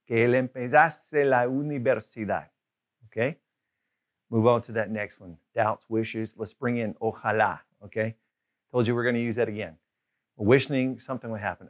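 A man tutoring a grammar lesson, upbeat and casual, slowing down to stress each example phrase. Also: lowish voice, muffled recording. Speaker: Spanish language tutor.

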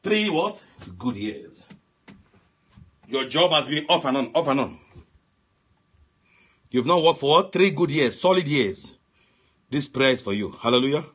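A man preaching on a prayer line, swinging from soft murmurs to shouted commands and speaking in tongues. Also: mid-range voice, sing-song, unhurried, long pauses, slightly rough. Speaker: pastor. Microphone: phone line broadcast.

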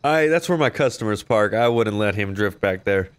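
A man's voice: fairly low pitch, expressive, normal speed, smooth, no room sound. Laid-back young man narrating roleplay. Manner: laid-back, swears casually, drawls out action emotes. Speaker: roleplay streamer playing a shop clerk. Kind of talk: casual gameplay commentary and in-character chat.

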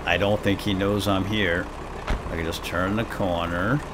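A man giving casual, excitable gameplay commentary, joking with his teammates as he plays. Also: low voice, a little slow, very noisy. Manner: excitable, jokey, talks to teammates. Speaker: let's play gamer. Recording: game music behind voice.

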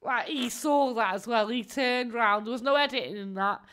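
A woman's voice: on the high side, moderate pace, fairly bright tone, smooth. A woman, giving casual live-stream commentary in a mocking tone, laughing often and swearing freely.

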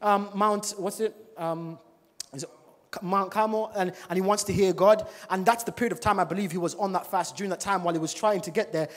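A male preacher giving a church sermon, animated and full of rhetorical questions to the congregation. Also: sits high, fairly quick. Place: church service. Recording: long reverb of a large church hall.

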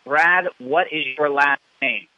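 A man calling in an indignant, halting way with lots of fillers and restarts, over muffled phone audio. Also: fairly high pitch, bright, forceful tone, no room sound. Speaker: caller. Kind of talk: phone complaint.

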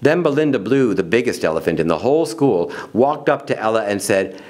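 Guy reading a children's storybook aloud, super animated, voice jumps around a lot. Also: lowish voice, a little fast. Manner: expressive, animated. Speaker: storybook reader. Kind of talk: children's picture book read-aloud.

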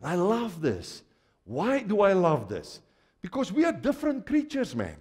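A man from Africa preaching a sermon to a congregation, animated and full of laughter, swinging from quiet asides to loud exclamations. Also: high voice, measured pace, husky. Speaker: pastor. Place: large church hall. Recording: church hall reverb.

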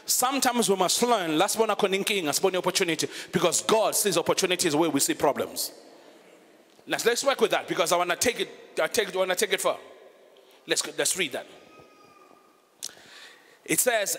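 A man's voice: high-pitched, expressive, a little fast, pauses often, a bit bright, in a large hall. A man preaching a sermon, switching between English and Zulu and reading scripture aloud. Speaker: pastor. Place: church.

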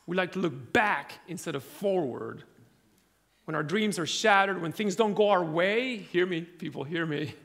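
The crowd laughs as a high-pitched preacher with a fairly bright tone works funny stories into his sermon.

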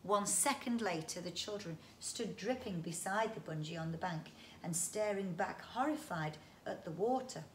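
A woman's voice: on the low side, animated, normal speed, few pauses. A woman reading a children's book aloud, with chatty asides to the listener. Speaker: storyteller. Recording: roomy echo, faint background noise.

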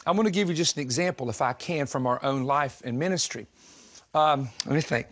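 A man from the southern United States preaching a sermon, telling stories in an animated, joking way and laughing often. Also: mid-range voice, fairly quick. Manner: animated, humorous storytelling with frequent laughter.

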